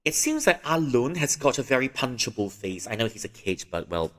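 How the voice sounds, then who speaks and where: A man's voice: mid-range voice, expressive, brisk, long reverb tail. A man chatting through a game livestream, explaining with examples and restarting his sentences often. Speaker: streamer. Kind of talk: casual game livestream commentary.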